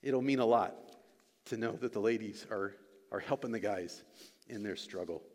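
A man's voice: fairly low pitch, normal speed, a little mellow. A man preaching a sermon as pastor and church elder, earnest and repeating his key lines for emphasis. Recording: long reverb of a large hall.

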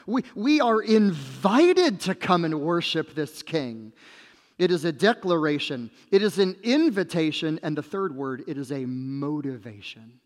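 Male pastor, high-pitched, unhurried emphatic sermon delivery, church sanctuary with long reverb. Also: sing-song. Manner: emphatic preaching, slow and deliberate, dropping low at phrase ends.

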